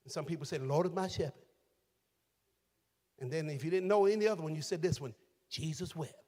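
Man, pastor, sermon, high voice, chanted shouted refrains, long reverb. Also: quick pace. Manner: builds from quiet reflection to shouted, sing-song preaching. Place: large church sanctuary.

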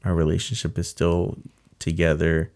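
Low gravelly-voiced young man. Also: little pitch movement, a little mellow. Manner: earnest, halting, filler-heavy. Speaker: guest telling his story. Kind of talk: casual personal storytelling.

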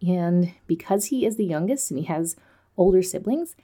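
A woman's voice: fairly low pitch, lively intonation, moderate pace, dark tone, husky. A woman in her forties hosting a podcast, talking candidly in a chatty, self-deprecating way with frequent laughs. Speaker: podcast host. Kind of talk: candid personal monologue.

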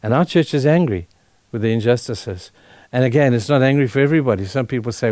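A man's voice: medium pitch, quick pace, a little mellow, dry recording. Fervent conversational male preacher, dry sound. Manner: conversational, building to fervent emphasis. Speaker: guest speaker at a church. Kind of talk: sermon.

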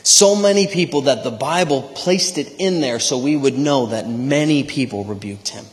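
Male pastor, mid-pitched voice, conversational sermon delivery, long reverb of a church hall. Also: moderate pace. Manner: conversational preaching, frequent "right?" asides. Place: church sanctuary.

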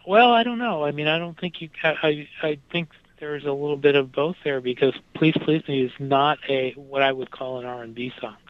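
A man's voice: a little high, brisk, few pauses, no echo, lo-fi sound. A man talking casually about music, with lots of fillers and restarts as he thinks aloud. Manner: hesitant, many fillers and restarts.

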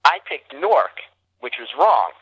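Animated man telling a story. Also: a little slow, breathy edge, dry recording, muffled recording. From New Jersey. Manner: animated, acts out quotes with big jumps in pitch. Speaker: podcast guest. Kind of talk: casual storytelling.

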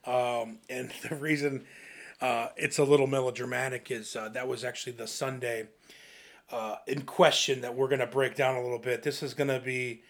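Young male co-host, chatty storyteller, animated delivery. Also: medium pitch, normal speed. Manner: laughing, animated anecdotes with quoted voices. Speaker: podcast co-host. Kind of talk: casual chat, storytelling.

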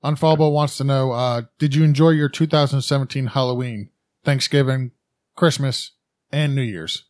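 Man, podcast co-host, reads listener questions, joking, middle pitch, dry close sound. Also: fairly even intonation, darkish tone, no room sound. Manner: reads questions briskly, jokes and laughs. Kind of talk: casual chat.

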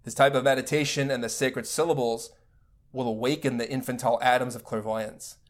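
Man giving a measured spiritual lecture. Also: mid-range voice, fairly even intonation. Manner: measured, deliberate teaching delivery. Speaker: spiritual teacher.

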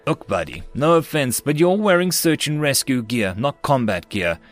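A man's voice: medium pitch, lively intonation, normal speed, soft background music, natural voice. A man voicing a brusque human battle controller who gives blunt, clipped warnings in a slightly raised voice. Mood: impatient.

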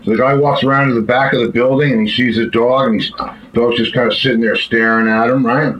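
A man's voice: medium pitch, fairly even intonation, fast talker. A man hosting a casual chat, telling jokes in a folksy, rambling way with restarts. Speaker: podcast host. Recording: slightly dull lo-fi audio with faint noise.

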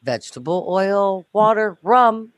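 A woman from Louisiana tells her story, chatty and animated, often breaking into laughs. Her voice sits in a middle register. The sound is dry and close to the mic. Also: medium pitch, measured pace, dry recording. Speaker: guest telling a story. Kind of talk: casual chat.

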